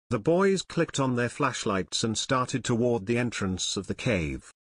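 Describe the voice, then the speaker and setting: A man reading an adventure audiobook in expressive, scripted narration. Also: mid-range voice, unhurried, no echo.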